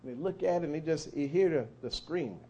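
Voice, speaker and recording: A man preaching a sermon, telling a story with fervor and swelling to shouts. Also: on the high side, a little fast.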